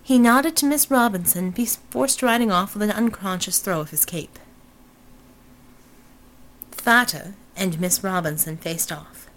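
A woman reading narration of a novel in a measured, even storytelling manner. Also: mid-range voice, low-quality recording. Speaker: audiobook narrator. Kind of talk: scripted narration.

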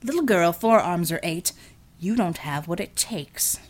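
A woman's voice: on the low side, expressive. A woman voicing a cold, contemptuous gray-haired male military commander. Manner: slow, contemptuous.

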